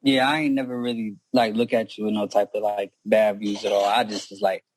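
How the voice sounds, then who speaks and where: A man's voice: lowish voice, a little fast, no room sound. A young man in casual chat, telling stories in loose slang with lots of swearing. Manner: slangy, animated storytelling with profanity. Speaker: guest sibling.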